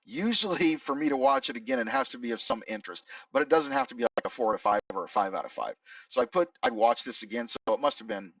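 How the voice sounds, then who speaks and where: A man's voice: mid-range voice, huge pitch swings, fast talker, creaky, fairly bright tone, dry recording, recorded from a distance, poor audio. A middle-aged man reviewing films in a rambling casual chat, often correcting himself mid-sentence. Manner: rambling, self-correcting, reading out his own reviews. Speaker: movie reviewer. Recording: dry sound, set back from the mic.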